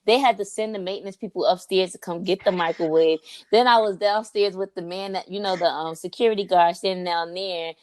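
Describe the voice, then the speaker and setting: A young woman co-hosting a podcast, telling stories in a casual, animated, slangy way. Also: fairly low pitch, brisk, no room sound. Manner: animated storyteller, slangy, says "like" and "bro" often. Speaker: podcast co-host. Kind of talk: casual chat.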